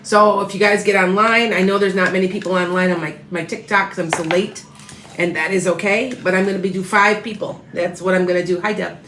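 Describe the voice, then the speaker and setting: Tired tarot reader chatting on a livestream. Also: female voice, fairly low pitch, fairly even intonation, a little fast, a bit bright, reverberant, a little hiss or hum, low-quality recording. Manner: chatty, rambling, greets viewers by name. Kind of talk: casual livestream chat.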